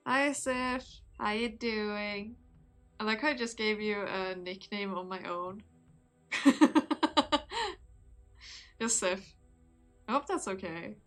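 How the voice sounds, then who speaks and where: A woman's voice: mid-range voice, slow, long pauses, a bit bright, soft background music. Giggly woman streamer reading a story. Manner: giggly, chatty with viewers. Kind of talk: casual live-stream chat and story reading.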